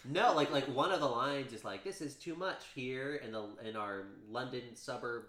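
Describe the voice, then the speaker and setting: A man's voice: mid-range voice, animated, moderate pace, pushed and bright. A young man chats loosely as co-host of a podcast, joking with his friends. His voice rises and falls a lot. The sound bounces around an echoey room. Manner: playful, jokey, goofs around with voices. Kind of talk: casual joking chat.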